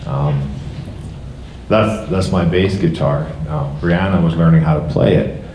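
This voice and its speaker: A middle-aged man speaks unscripted at a memorial, halting and restarting often. His voice is very low and mellow, and it rings in a church hall with a faint hum of room noise behind it. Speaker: father of a friend giving a memorial tribute. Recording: echoey hall.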